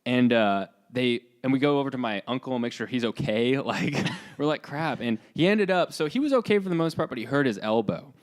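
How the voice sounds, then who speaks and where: A young man co-hosting a podcast, telling a story in a loose, animated way with lots of fillers and acted-out lines. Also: mid-range voice, fairly quick, few pauses. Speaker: podcast co-host. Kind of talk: casual storytelling.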